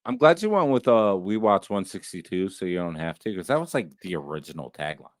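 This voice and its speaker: A man co-hosting a sports podcast in a casual chat, jokey and quick to laugh. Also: deep voice, big pitch swings, no room sound, clean studio sound. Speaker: podcast co-host.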